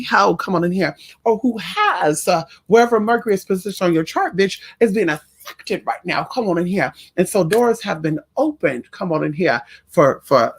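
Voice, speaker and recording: A man's voice: fairly high pitch, vocal fry, a bit bright. A man hosting a casual livestream as a spiritual reader, talking in a sassy, profane, campy way and greeting viewers by name. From Puerto Rican family in the US.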